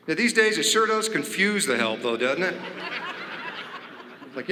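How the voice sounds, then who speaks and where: A man's voice: fairly high pitch, sing-song, normal speed, background noise. A man doing a stand-up comedy routine on a theater stage, acting out characters and mimicking beeps and dings. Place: large performing arts theater stage. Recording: echoey hall, live audience ambience.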